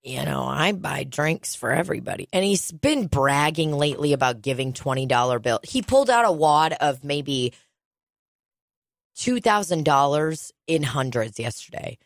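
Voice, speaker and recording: Young woman, podcast co-host, lively foul-mouthed storyteller, lowish voice, dry close sound. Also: normal speed, gravelly, dry recording. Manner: animated storyteller, mimics people, swears freely. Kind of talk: casual comedic chat.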